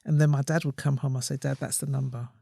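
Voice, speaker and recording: Gravelly woman telling lively anecdotes. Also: a bass voice, fast talker, no echo, clean studio sound. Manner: animated storyteller acting out voices. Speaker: comedian and playwright guest. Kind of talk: casual podcast conversation.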